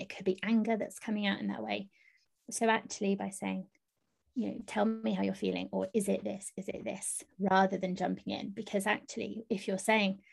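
A woman in casual conversation who speaks in a thoughtful, gently reflective way. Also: mid-range voice, creaky.

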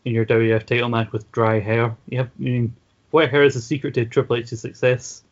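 A man's voice: medium pitch, little pitch movement, fairly quick, lo-fi sound. A man co-hosting a casual wrestling podcast, recapping matches and dropping dry, wry remarks. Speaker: podcast co-host.

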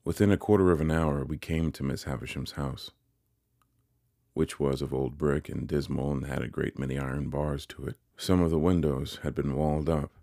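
A man narrating a classic novel as an audiobook, in a measured storytelling way. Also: a bass voice, steady tone, warm tone, no room sound, studio quality.

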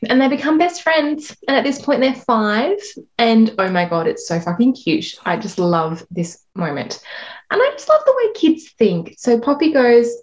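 A woman's voice: fairly high pitch, big pitch swings, moderate pace, muffled recording. A woman co-hosting a podcast, recapping a book in casual chat with blunt, crude quips. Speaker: podcast co-host.

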